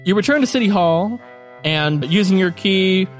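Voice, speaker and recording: A man as game master, narrating a tabletop game in a relaxed, amused way. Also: high-pitched, normal speed, faint music behind.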